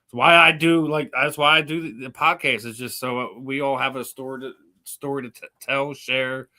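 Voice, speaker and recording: A man's voice: medium pitch, fairly even intonation, normal speed, pushed and bright. A man hosting a podcast interview, chatting loosely, repeating words and saying dude. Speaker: podcast host.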